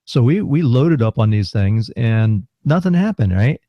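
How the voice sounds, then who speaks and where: A man's voice: mid-range voice, a little slow, no room sound. A middle-aged man from South Florida, co-hosting a podcast, telling casual anecdotes and laughing as he goes. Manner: laughs through animated anecdotes. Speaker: podcast co-host. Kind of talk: casual storytelling chat. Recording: muffled lo-fi recording.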